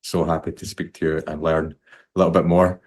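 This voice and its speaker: Deep-voiced British podcast host, rambling. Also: male voice, little pitch movement, brisk, a little mellow. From United Kingdom. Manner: rambling, self-interrupting, chuckles often. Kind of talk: casual interview chat.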